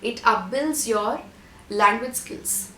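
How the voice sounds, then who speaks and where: A woman's voice: on the high side, slow, bright, forceful tone, a little hiss or hum. Woman teaching in an echoey room. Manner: instructive, lists tips and repeats key points. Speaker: IELTS tutor. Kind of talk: scripted online lesson.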